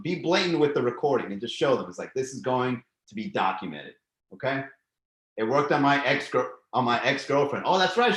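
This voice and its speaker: A man with a mid-range, slightly bright voice hosts a live comedy stream in an echoey room. He chats loosely and profanely, reading viewer comments and riffing on them.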